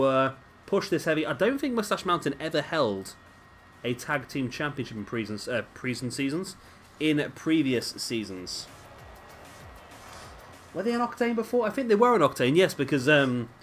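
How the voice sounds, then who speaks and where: A man giving casual, rambling commentary over a wrestling video game and often correcting himself. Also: a little high. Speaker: gaming commentator.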